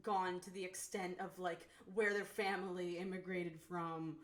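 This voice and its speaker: A woman's voice: fairly low pitch, little pitch movement, unhurried. A woman hosting a casual live stream, answering fan questions with a hesitant, laughing manner. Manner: laughing, hesitant with many ums. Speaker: streamer and show creator.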